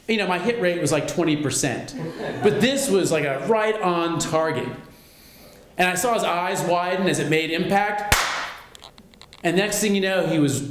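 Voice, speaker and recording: A man telling a personal story on stage at a live storytelling show, wry and lively. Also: a little high, roomy sound. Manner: wry, lively, self-mocking.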